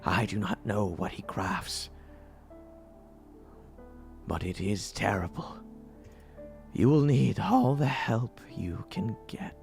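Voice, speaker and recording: A man voicing a dying elderly woman who speaks slowly and solemnly in a hushed voice. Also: on the low side, animated, creaky, soft background music, pitched below the performer's own voice, heavily acted. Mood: grave.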